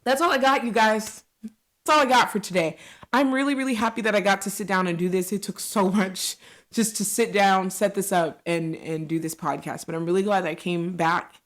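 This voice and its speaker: A woman's voice: medium pitch, fairly even intonation, moderate pace. Candid woman hosting a solo podcast. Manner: candid, reflective, many "like" fillers. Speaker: podcast host.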